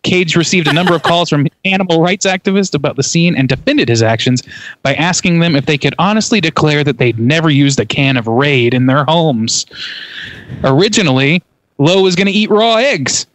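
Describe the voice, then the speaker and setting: A man's voice: fairly high pitch, moderate pace, fairly bright tone, no room sound. A young man in a casual podcast chat about a film, reading trivia aloud and swearing now and then. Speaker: podcast co-host. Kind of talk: casual movie-review chat.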